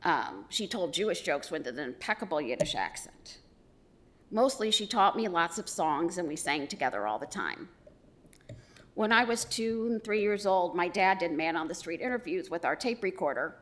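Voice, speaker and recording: A middle-aged woman giving a eulogy for her mother, telling stories with gentle humor. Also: on the low side, sing-song, moderate pace. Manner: warm storytelling with gentle humor. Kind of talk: funeral eulogy.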